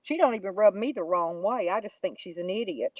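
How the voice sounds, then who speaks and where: A woman's voice: medium pitch, fairly quick, darkish tone, no room sound, lo-fi sound. A woman, chatting casually to live viewers in a rambling, folksy, mocking way. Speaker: YouTube live streamer.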